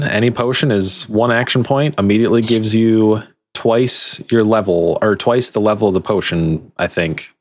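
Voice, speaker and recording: A male game master with a lowish voice talks players through rules at an easy pace, dropping in fillers as he goes. The sound is close and dry, with no room around it. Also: moderate pace, no room sound. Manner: relaxed, affable rules explanations with fillers. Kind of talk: running a tabletop game online.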